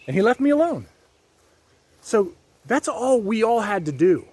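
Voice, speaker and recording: A man's voice: high voice, lively intonation, brisk, a little mellow. A man from Ohio talking casually to his viewers in a rambling, folksy monologue with preachy asides. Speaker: vlogger.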